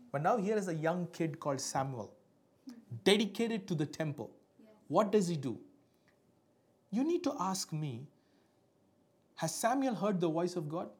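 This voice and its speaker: A woman's voice: fairly low pitch, lively intonation, measured pace, pauses often, darkish tone. A woman preaching a sermon with call and response, fervent and building, breaking into speaking in tongues.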